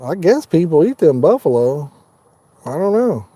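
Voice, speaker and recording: An Indiana man casually hosts a fishing live stream from his truck, parked at night, addressing viewers by name with a folksy, easygoing manner. His fairly high, sing-song voice is mellow and slightly rough, at normal speed, with no room sound.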